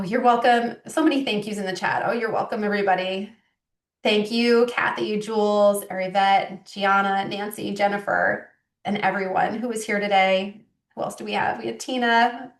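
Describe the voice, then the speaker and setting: A middle-aged woman coach hosting a live online workshop, warm, effusive and grateful as she wraps up, speaking over a video call. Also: medium pitch. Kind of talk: live webinar wrap-up. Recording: roomy sound, distant from the mic.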